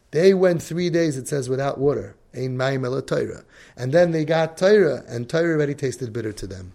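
A man's voice: on the high side, fairly quick, gravelly, darkish tone. A man giving a religious lecture as a parenting coach, emphatic and acting out the voices he quotes.

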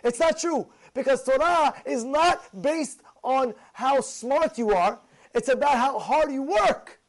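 A man. He is an animated storyteller who swings between loud, excited bursts and low, muttered asides, often restarting his sentences. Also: slow. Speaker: rabbi giving a Torah talk. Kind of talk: informal Torah lecture with acted anecdotes.

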